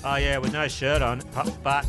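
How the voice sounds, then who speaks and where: A man's voice: mid-range voice, little pitch movement, normal speed, over loud music. A man co-hosting a podcast, bantering casually and telling crude, jokey stories. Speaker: podcast co-host.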